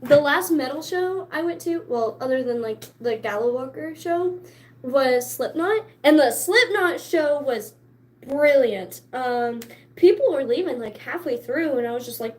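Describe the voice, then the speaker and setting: A woman vlogger chatting casually to camera, excitable and chatty, laughing often between stories. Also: high voice, measured pace.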